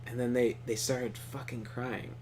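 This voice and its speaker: A young adult co-hosting a gaming channel talks in a mid-range voice, a little slowly, with a slight hiss or hum on the recording. While playing, he spins stories in casual commentary, swearing heavily and laughing, an animated, profane storyteller.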